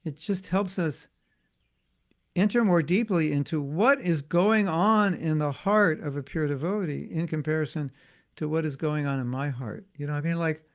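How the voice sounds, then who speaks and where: A man teaches a devotional class in a loose, conversational way, often doubling back and restarting his thoughts. His voice sits fairly high for a man and carries a steady gravelly fry. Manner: conversational and musing, with frequent restarts and asides. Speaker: spiritual teacher. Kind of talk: informal devotional class talk.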